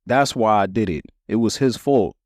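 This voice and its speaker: A man's voice: on the low side, normal speed, dry recording, clean studio sound, lightly acted. A man voicing a hot-tempered little boy who blames his brother for a fight. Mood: defensive. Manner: defensive, blaming.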